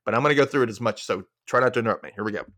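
A man co-hosting a podcast, recapping a sitcom episode and acting out the characters' lines with animated delivery. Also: mid-range voice, very fast, no echo. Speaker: podcast co-host.

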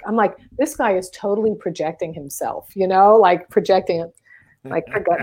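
A woman's voice: medium pitch, fast talker. A middle-aged woman, a comedian and guest, telling a story in casual chat and acting out the people she quotes. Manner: animated, acts out quoted voices.

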